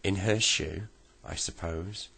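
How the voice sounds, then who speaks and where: A man's voice: low voice, slow, vocal fry, bright, forceful tone, husky, full character voice. A man voicing an indignant male storybook creature whose home has been taken. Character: indignant moon-faced male fairy-tale creature.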